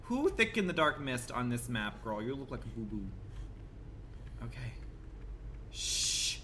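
A man streaming a game live, commenting in a campy, profane way and swinging from low murmurs to shrill outbursts. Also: sing-song, measured pace, long pauses, pushed and bright, a little hiss or hum.

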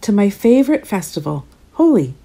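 A gentle, coaxing male owl from a bedtime storybook, as a woman reading aloud puts him on. The voice is warm and mellow, with a tone that lifts and falls freely. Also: medium pitch, sing-song, moderate pace. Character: kind, patient magical bedtime owl, male.

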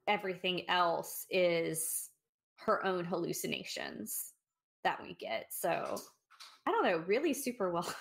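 Her voice sits on the low side, creaky and a bit bright, as she co-hosts a podcast's casual book discussion. She reflects on a short story, often restarting thoughts mid-sentence while thinking aloud.

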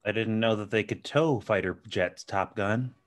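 A man playing a tabletop role-playing game, tossing out quick jokes. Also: lowish voice. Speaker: player. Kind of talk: joking banter.

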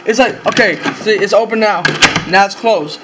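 Talking at a moderate pace, a young male vlogger with a high-pitched voice records casually in his echoey bedroom while an air conditioner hums quietly. His delivery is rambling and full of profanity, and he keeps repeating what he's said.

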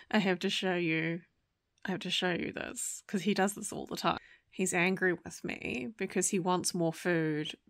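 A woman's voice: medium pitch, gravelly, no echo. Chatty woman book vlogger, dry sound. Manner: rambling, many fillers and restarts. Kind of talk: casual chat. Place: at home.

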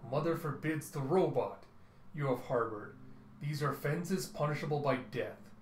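A man voicing a cruel, cold vampire in a comic readthrough, speaking slowly and menacingly. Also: reverberant, slight background noise, natural voice. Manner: slow, low, menacing.

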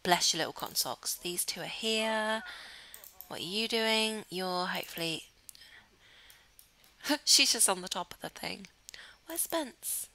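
A woman's voice: medium pitch, animated, a little slow, long pauses, pushed and bright, poor audio. A woman chatting casually over a life-simulation game, cooing affectionately at her characters. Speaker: gaming channel host. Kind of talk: casual gameplay commentary.

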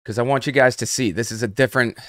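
A man's voice: mid-range voice, fast, fairly bright tone, no room sound, clean studio sound. A young adult man hosting a live trading stream. He talks casually and speaks straight to his viewers in the chat. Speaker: host.

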